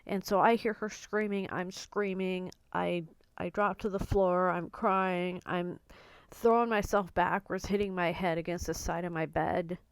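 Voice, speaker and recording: A woman telling a personal family story in a halting, emotional monologue with many restarts. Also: on the low side, smooth, no echo.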